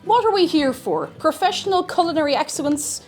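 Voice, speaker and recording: A young woman with a fairly high voice, chatty and rambling on a home baking stream. Her pitch swings all over the place as she jokes at her own expense. Faint music plays underneath. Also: lively intonation, fairly quick. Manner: chatty, rambling and self-mocking, greets viewers. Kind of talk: casual baking livestream chat. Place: home kitchen.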